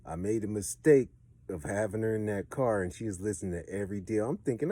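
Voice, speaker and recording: A man with a Los Angeles accent speaks in a fairly low, dark and mellow voice. He tells a long street story in casual, profane slang, sometimes animated and sometimes dropping to a low mutter as he gives advice. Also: a little fast, husky.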